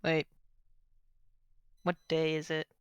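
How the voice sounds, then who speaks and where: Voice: mid-range voice, completely flat delivery, slow, clear, resonant tone, no room sound, lo-fi sound. A game master running a tabletop game, explaining how characters react at length.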